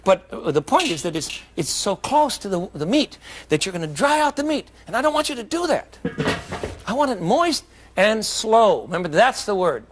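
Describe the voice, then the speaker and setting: A man hosting a cooking demonstration in a studio kitchen, talking in a folksy, chatty way with jokes and asides, and getting excitable when enthused. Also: high-pitched, fairly quick, slight background noise. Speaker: cooking show host.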